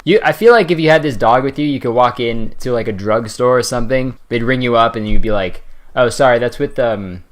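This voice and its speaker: A young man in casual comedic roast commentary, rambling and swearing, breaking into laughs and sudden high silly voices. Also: quick pace, hardly any pauses, slight background noise. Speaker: commentary host.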